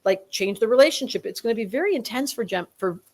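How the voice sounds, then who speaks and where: Woman astrologer, higher-pitched, chatty and animated, quotes the signs in voices. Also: fast. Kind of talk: conversational astrology reading.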